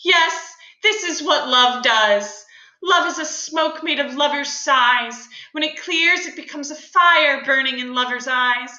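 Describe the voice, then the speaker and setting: A woman's voice: sits high, measured pace, bright, forceful tone, pitched above the performer's own voice, heavily acted. A woman reading aloud as a lovesick, melodramatic young man, sighing over his unhappy love. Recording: roomy echo.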